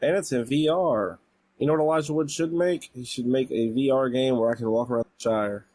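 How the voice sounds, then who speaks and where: A man co-hosting a podcast in casual chat, laid-back and quick to laugh. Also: medium pitch, a little mellow. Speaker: podcast co-host.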